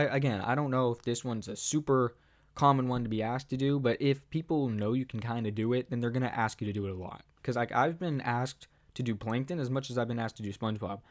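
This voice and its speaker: A young man talking casually to camera about voice impressions, rambling with many fillers and jumping into squeaky character voices. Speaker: voice impressionist, video host.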